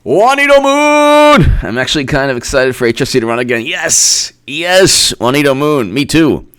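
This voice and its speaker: A man's voice: mid-range voice, moderate pace, a bit bright. A man hosting casual political commentary, reading an article aloud and reacting with sarcastic laughs. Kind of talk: casual live-stream commentary.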